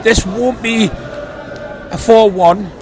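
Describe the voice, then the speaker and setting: A man's voice: high-pitched, slow. A man, giving rambling, earnest predictions about a football match outdoors. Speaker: football fan guest. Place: outdoors on a busy city street. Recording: noisy street background.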